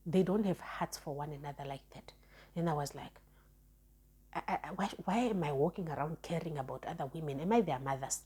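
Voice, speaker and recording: A young woman talks through a personal story in a relaxed vlog monologue. Her voice sits low, dark and mellow, with a very husky, breathy grain. She is frank and chatty, often stumbling and repeating words as she restarts. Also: fairly quick. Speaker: storytime vlogger.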